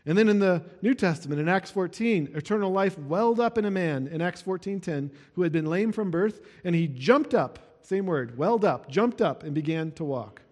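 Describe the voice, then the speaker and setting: A male pastor preaching in a relaxed, conversational way, with a voice pitched a little higher than most men's. The sound carries a long reverb, as if recorded in a large hall. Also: moderate pace, few pauses. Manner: explains verses with a casual, conversational aside. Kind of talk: sermon.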